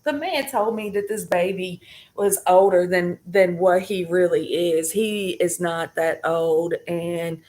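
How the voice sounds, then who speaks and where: Slow, rambling woman chatting to viewers. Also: fairly low pitch, a little mellow. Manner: rambling, chatty, many fillers and restarts; addresses the audience directly. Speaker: spiritual reading streamer. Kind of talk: casual live chat to viewers.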